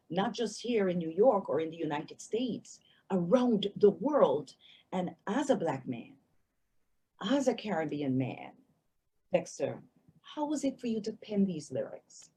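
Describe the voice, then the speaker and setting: A woman's voice: fairly low pitch, dark tone, breathy edge, rough recording. A woman hosting an interview who speaks in an earnest, emphatic way. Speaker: radio host.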